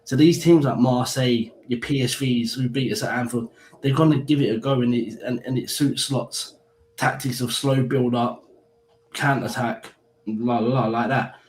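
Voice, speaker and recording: A man's voice: mid-range voice, steady tone, moderate pace, a little mellow. A man giving blunt, heated opinions on a casual football live stream, swearing freely. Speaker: fan pundit. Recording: echoey room with faint background hiss.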